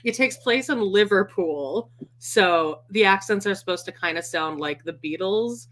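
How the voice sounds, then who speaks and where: Bright-voiced chatty woman podcast host. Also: medium pitch, animated, unhurried. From Canada. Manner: chatty, swears freely, laughs often. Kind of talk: casual chat.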